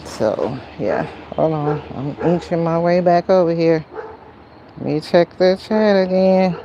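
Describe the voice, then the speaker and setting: Slow-talking woman gardening outdoors. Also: fairly low pitch, dark tone, muffled recording, a little hiss or hum. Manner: chatty, greets viewers by name, says y'all. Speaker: gardening livestream host. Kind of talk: casual live-stream chat while potting. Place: outdoor garden near a road.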